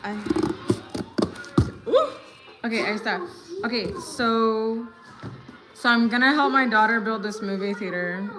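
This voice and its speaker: A woman's voice: on the high side, measured pace, pauses often, music in the background. A woman in her thirties with an American accent, chatting casually on a live stream, switching between English and Spanish and greeting viewers. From United States. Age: 30s. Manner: relaxed, hesitant with fillers while crafting. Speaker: livestreaming vlogger.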